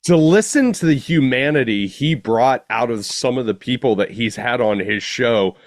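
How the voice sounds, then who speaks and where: A man hosting a podcast, reflecting warmly on his guest's story in conversation. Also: medium pitch, expressive, moderate pace, no room sound, clean studio sound. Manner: affirming, reflective. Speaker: podcast host. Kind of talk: interview conversation.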